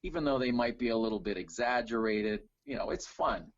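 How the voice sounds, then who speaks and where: A middle-aged man from Canada answering interview questions in a relaxed, storytelling way with plenty of fillers. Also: lowish voice, a little fast, no echo, muffled recording. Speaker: guest, tribute singer. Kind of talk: casual video call interview.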